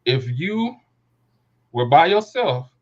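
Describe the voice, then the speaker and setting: A man's voice: a little high, takes it slowly, muffled recording. A man hosting a podcast, telling a story in casual chat and acting out the voices of people in it. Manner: animated storyteller, acts out quoted voices. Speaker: podcast host.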